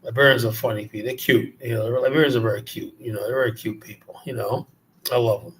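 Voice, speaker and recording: A fast talker with a steady tone and medium pitch, this man hosts a livestream from a South Jamaica, Queens, New York background. His casual rant is rambling, profane, and mocking.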